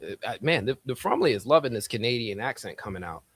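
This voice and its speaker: A man's voice: mid-range voice, lively intonation, fast talker, a bit bright. A man hosting a live chat, asking playful, joking questions. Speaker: host.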